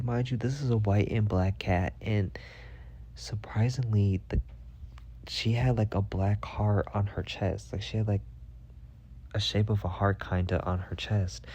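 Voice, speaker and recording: A man hosting a podcast, telling a casual story full of swearing, jumping to a high voice when he quotes himself. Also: unhurried, breathy edge, no echo, lo-fi sound. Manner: profane, animated, jumps to a high voice when quoting himself. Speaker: podcast host.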